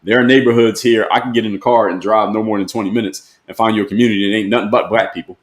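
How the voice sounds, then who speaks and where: A man with a fairly low voice hosts a live-stream and talks his point through in plain, everyday words. He leans on rhetorical questions and keeps asking them again. The sound comes from a room with a clear echo. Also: steady tone, fast talker. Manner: plain-spoken, argues with repeated rhetorical questions. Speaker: host.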